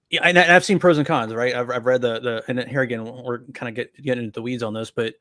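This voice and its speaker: Man, podcast co-host, rambling, lots of fillers, mid pitch, dry sound. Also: steady tone, fairly quick, fairly bright tone, no room sound. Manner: rambling, many fillers, trailing off. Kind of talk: casual podcast discussion.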